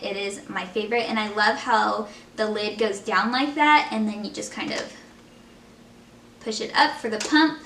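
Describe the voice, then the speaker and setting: While doing her makeup, a young woman beauty vlogger chats in a heartfelt way, peppering her talk with fillers. Her voice sits a little high and sounds a bit bright. She's far from the camera mic in an echoey room at home, with slight background noise.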